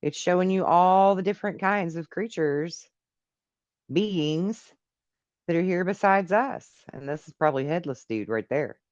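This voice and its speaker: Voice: mid-range voice, a little slow, darkish tone. Host reacting to a video with casual commentary and wisecracks as they read along. The sound is a little dull and lo-fi. The recording is dry, with no room echo. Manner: joking asides, reads text aloud with quips.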